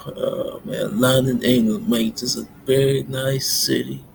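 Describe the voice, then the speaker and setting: A man rambling in a monologue, tacking "mates" onto nearly every phrase in a halting, repetitive delivery. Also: mid-range voice, fairly even intonation, vocal fry, slight background noise. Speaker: self-styled pastor vlogger.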